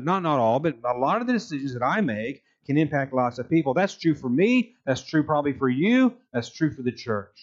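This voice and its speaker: A man's voice: fairly high pitch, highs cut off. An older man preaching a sermon as a pastor, telling a story earnestly and voicing the characters' lines. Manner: storytelling, earnest, with voiced quotes.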